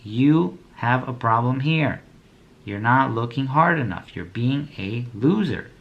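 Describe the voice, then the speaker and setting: A man's voice: mid-range voice, lively intonation, slow, creaky, muffled recording. A young man giving a motivational talk to small business owners, with a preachy, blunt delivery, slang, and slogans he repeats over and over. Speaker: motivational speaker.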